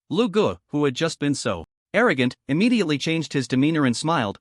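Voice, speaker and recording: A male narrator reads a scripted story recap in a lively voice that sits a little high and moves a lot in pitch. The sound is dry and close, with no room in it. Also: fairly quick, no room sound.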